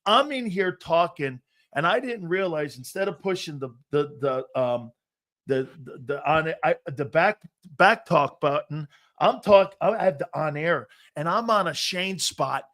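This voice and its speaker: A man's voice: fairly high pitch, measured pace. A middle-aged man hosting a sports talk show, chatting casually and acting out stories with other people's voices. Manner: animated storyteller, acts out other voices. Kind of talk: casual sports radio chat.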